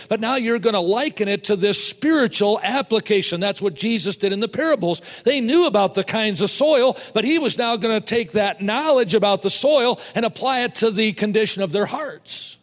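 A man preaching a sermon to fellow preachers, emphatic, repeating words and slowing down to stress points. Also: high voice, animated, long reverb tail. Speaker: preacher teaching other preachers.

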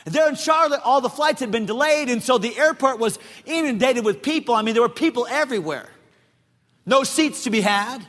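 High, bright-voiced shouting preacher man. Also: a little fast. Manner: emphatic, often shouting, repeating phrases for effect. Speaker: pastor. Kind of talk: sermon. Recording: long reverb of a large hall.

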